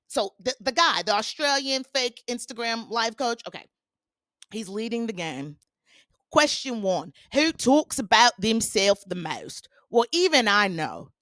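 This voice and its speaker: A woman's voice: mid-range voice, dry recording, clean studio sound. A woman hosting a podcast, recapping reality TV in a sassy, casual gossip style. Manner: sassy, animated, acts out quotes in put-on voices.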